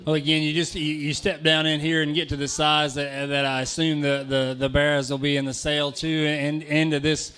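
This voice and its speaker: A man's voice: fairly high pitch, level tone, a little fast, hardly any pauses, a bit bright. A man giving casual, rambling commentary on pigs at a livestock sale, often repeating words.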